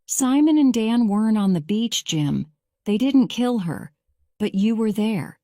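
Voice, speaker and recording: A woman voicing a calm male lawyer questioning a witness, read slowly and evenly. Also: on the high side, no echo, studio quality. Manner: measured, slow graded-reader delivery.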